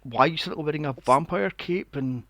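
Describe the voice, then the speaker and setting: Man in his forties, podcast co-host, sarcastic rant, slightly higher voice, dry close sound. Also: quick pace, fairly bright tone, no echo. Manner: ranting, sweary, sarcastic. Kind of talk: casual movie review chat.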